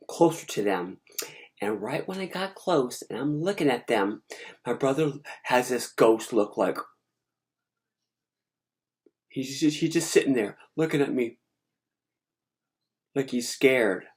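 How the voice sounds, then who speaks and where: A woman casually recounting a dream in an animated, rambling, digressive way. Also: very deep voice, unhurried. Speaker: storyteller. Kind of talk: casual storytelling.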